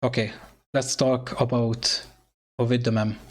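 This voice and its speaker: A man commentating an online sim racing event, excitable and hesitant, with phrasing and lots of fillers. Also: mid-range voice, a little slow. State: out of breath. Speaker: race commentator.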